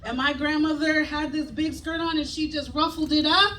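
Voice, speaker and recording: A woman performing a stand-up comedy set, telling a profane story loudly and acting out the voices. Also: sits high, steady tone, normal speed, a little hiss or hum. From United States. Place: comedy club stage with live audience. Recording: echoey room, distant mic, loud crowd laughter. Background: audience laughing.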